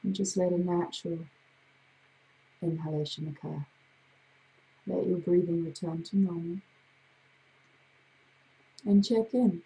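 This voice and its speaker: A woman hypnotherapist with a gravelly voice, leading a slow, soothing guided breathing exercise. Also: fairly low pitch, steady tone, warm tone, low-quality recording. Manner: slow, soothing, drawn-out guidance.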